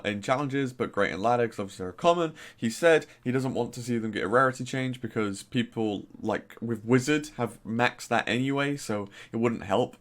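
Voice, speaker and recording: Chatty young man, mild Norfolk accent. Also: mid-range voice. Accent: mild Norfolk English. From Norfolk, England. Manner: chatty, rambling, exclaiming, many fillers. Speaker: gaming YouTuber. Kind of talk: casual commentary reviewing posts.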